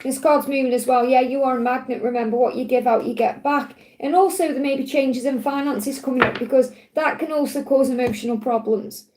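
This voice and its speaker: A woman with a Stoke-on-Trent accent, giving a gentle, chatty card reading on a live stream and answering viewers. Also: sits high, steady tone, brisk, hardly any pauses, slight background noise, rough recording. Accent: Stoke-on-Trent English. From England. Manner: gentle, reassuring, chatty with frequent restarts. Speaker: tarot and angel card reader.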